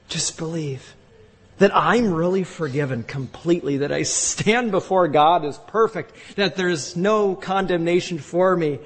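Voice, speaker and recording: A man preaching a sermon as a pastor, emphatic and rising to loud exclamations. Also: a little high, expressive, moderate pace, slightly rough. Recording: echoey hall from a distance.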